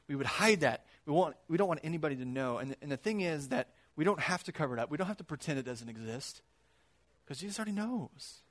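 A man giving a casual, conversational sermon, animated and acting out quotes in his retelling. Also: on the high side, fast talker.

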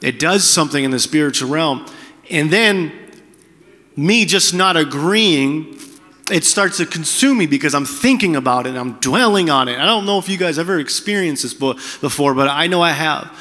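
Middle-aged male pastor, candid and chatty delivery, bright tense tone. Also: on the high side, animated, moderate pace, big-room sound. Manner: candid, conversational preaching with frequent restarts. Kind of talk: sermon.

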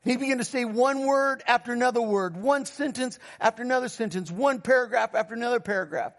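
High-voiced man preaching a testimony. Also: fast talker. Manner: storytelling, acts out dialogue with God in a lower, quieter voice; asks congregation for responses. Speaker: pastor. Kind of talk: sermon testimony.

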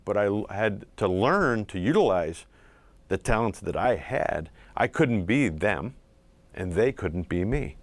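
A middle-aged man from southeastern Pennsylvania, a former pitcher recalling his career in an interview, halting and full of fillers. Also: gravelly, no echo. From southeastern Pennsylvania, USA. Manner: halting, many fillers and restarts, reflective. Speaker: former pro pitcher, guest. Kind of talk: casual interview storytelling.

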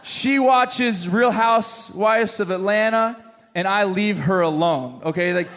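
A high-voiced man preaches in a big hall with long reverb, telling stories with plenty of jokes. He talks straight to his congregation and teases them. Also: unhurried. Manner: animated storyteller, jokes with the congregation. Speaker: pastor. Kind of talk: sermon with a humorous story.

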